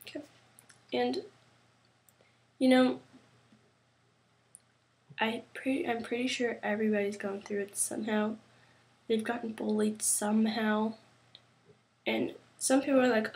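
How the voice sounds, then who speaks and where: A teenage girl vlogging casually to camera, rambling and halting with many fillers and restarts. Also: on the high side, fairly even intonation, creaky, a little mellow.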